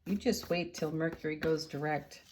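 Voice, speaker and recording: A middle-aged woman giving a daily tarot card reading, unhurried and gentle, often laughing softly. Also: deep voice, steady tone, noisy background. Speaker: tarot reader and channel host.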